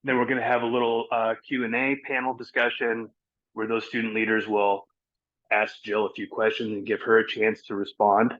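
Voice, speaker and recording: A man's voice: lowish voice, level tone, normal speed, a bit bright. A man organizing an event, giving an upbeat, chatty update on a video call while a little out of breath. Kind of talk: casual meeting update. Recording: dull lo-fi call audio.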